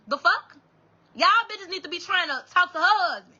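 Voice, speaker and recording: A woman's voice: very high voice, lively intonation, normal speed, pushed and bright, dull audio. A young woman telling her viewers a personal story in a casual, profane, blunt way, often restarting her sentences. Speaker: storytime vlogger.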